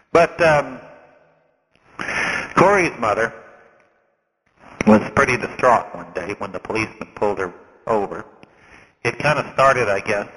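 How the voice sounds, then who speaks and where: A man telling a personal story in a plain, folksy way, with many fillers and pauses. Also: fairly low pitch, sharp tone, in a large hall, low-quality recording.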